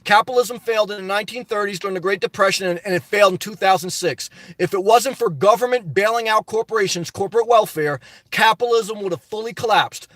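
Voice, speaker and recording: A man's voice: high voice, fast talker, hardly any pauses, fairly bright tone, dry recording. A middle-aged man hosting a live stream, reading viewer comments aloud and answering them in passionate, ranting casual talk. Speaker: livestream host. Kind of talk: casual live-chat reply.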